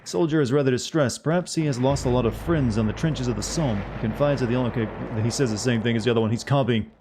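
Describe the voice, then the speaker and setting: A man streaming a game live, moving between reading on-screen text aloud and chatting loosely with his viewers. His voice sits at an ordinary middle pitch. A faint hum of background noise sits under it. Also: fast talker. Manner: casual chat with viewers. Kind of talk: live-streamed gameplay commentary.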